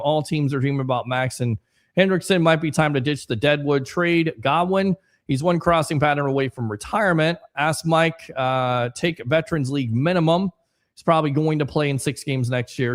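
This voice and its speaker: A man hosting a casual sports livestream, chatting and reading viewer comments aloud with rambling asides. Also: medium pitch. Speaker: sports podcast host.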